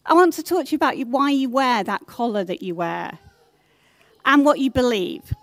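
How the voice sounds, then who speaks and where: A middle-aged woman preaching in an earnest, gentle way, slowing down to stress her points. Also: a little high, animated, no room sound. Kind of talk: sermon.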